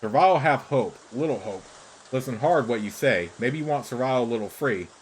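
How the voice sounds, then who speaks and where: A shrewd male creature who trades gossip for food talks in short, broken phrases, as a man reads him out. The voice sits at a middle pitch. Light background noise runs underneath. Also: animated, fairly quick, close to an everyday voice, rough recording. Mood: matter-of-fact. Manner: broken, clipped pidgin speech.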